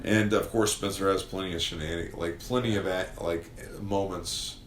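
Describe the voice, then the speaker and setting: Excitable low-voiced male podcast co-host. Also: moderate pace, slight background noise. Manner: excitable, swearing, with many fillers. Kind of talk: casual chat. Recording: echoey room, faint ambience.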